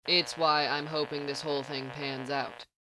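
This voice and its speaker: A woman reading the lines of a cyborg man with a flat, deadpan synthesized voice. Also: low-pitched, normal speed, background noise, natural voice.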